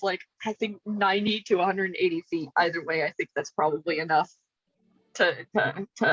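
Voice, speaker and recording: A woman's voice: mid-range voice, no echo, lo-fi sound. A woman playing a tabletop game, chatting loosely with fillers, laughs and swearing. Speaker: player.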